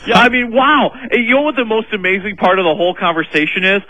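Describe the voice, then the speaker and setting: Brief: male film reviewer on radio, high voice, bright tone, animated, filler-heavy storytelling. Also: quick pace, dry recording, lo-fi sound. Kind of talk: casual radio movie review.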